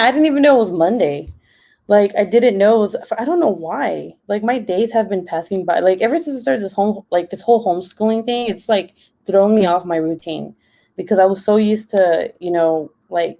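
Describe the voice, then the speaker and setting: A young woman talks into her laptop from home, casual and rambling. Her voice is warm and mellow, and she laughs easily between her "like"s. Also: medium pitch. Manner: chatty, many "like" fillers, laughs often. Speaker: live stream host. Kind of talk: casual chat while crafting.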